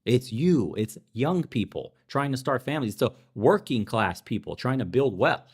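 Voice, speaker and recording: A young adult man delivering a fiery commentary rant, sarcastic and profane. His voice swings up and down as he mocks and jeers, now loud, now low. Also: big pitch swings, moderate pace, breathy edge. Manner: sarcastic, profane, heated and mocking. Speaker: podcast host. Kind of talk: ranting political commentary.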